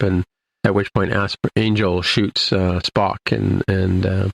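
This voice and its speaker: A man's voice: sits low, little pitch movement, takes it slowly, gravelly. A man co-hosting a podcast, casually recapping an episode in a rambling way, full of restarts and "you know". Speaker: podcast co-host.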